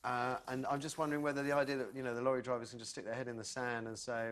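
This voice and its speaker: A man's voice: mid-range voice, steady tone, quick pace, few pauses, fairly bright tone. A man hosting a studio talk show, bantering and teasing his guests.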